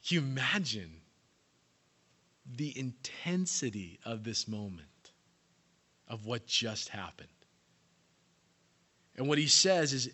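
Bright-voiced male preacher, dramatic swings. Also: medium pitch, lively intonation, slow pace, long pauses, breathy edge. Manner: dramatic storytelling, swings from hushed to loud. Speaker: pastor. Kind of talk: sermon. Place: church in California.

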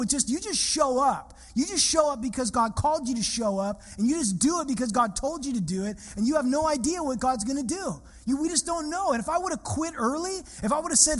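A man preaching a sermon who tells personal stories in an animated, conversational way and often repeats his phrases. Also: very high voice, brisk, hardly any pauses, long reverb tail. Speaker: pastor.

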